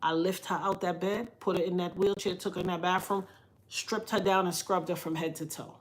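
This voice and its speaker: A woman hosting a livestream, telling a story in a preachy, animated way that swings from loud emphasis to soft asides. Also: on the low side, brisk. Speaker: livestream host reading viewer comments. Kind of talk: casual storytelling monologue.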